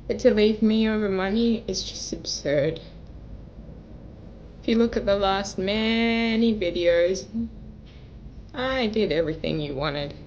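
A woman's voice: mid-range voice, measured pace, long pauses, a little mellow, highs cut off, slight background noise. A young woman vlogger making an emotional message to camera, pleading and tearful, her voice breaking as she cries at times. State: crying at times.

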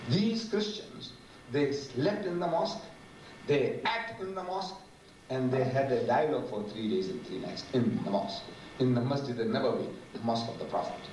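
A man gives an animated, humorous public lecture and sometimes mimics other voices. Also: mid-range voice. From South Africa. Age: 70s. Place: large lecture hall. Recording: echoey hall, distant mic, noisy.

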